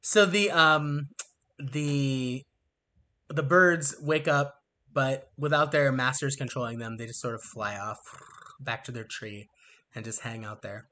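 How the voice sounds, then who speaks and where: A man's voice: mid-range voice, measured pace. Man running a tabletop game. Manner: relaxed, descriptive, with fillers. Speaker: game master.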